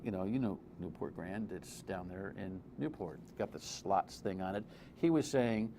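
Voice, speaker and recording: A man's voice: on the low side, moderate pace, warm tone. A man hosting a TV commentary segment, talking in a blunt, sarcastic, conversational way. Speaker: TV host and commentator. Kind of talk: opinionated TV commentary. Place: TV studio. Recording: faint background noise.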